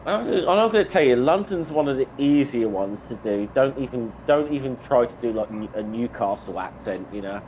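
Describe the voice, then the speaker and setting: A man talks in a relaxed, chatty way, giving little examples as he explains. His voice sits at a middle pitch, and the mic sounds slightly dull and lo-fi. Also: brisk, hardly any pauses, slight background noise. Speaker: chat participant. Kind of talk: casual online group chat.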